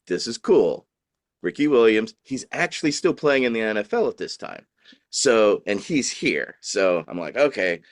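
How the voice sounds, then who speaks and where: A man from New Orleans tells a story in casual chat and lets his pitch swing widely. He slips into high voices whenever he quotes someone. His voice sounds dry and close, with no room echo. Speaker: guest, dispensary owner.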